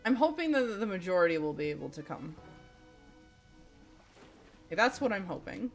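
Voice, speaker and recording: A woman livestreaming a game, chatting casually with her viewers, swearing often and reacting loudly as she plays. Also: mid-range voice, very animated, normal speed. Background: faint game music.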